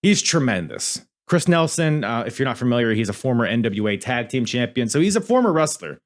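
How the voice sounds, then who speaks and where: A man talking into a podcast microphone in a loose, rambling review chat. His voice sits at a plain middle pitch, and he swears casually and often stops to restart his sentences. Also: big pitch swings, a little fast. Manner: rambling, profane, self-interrupting. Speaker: podcast host.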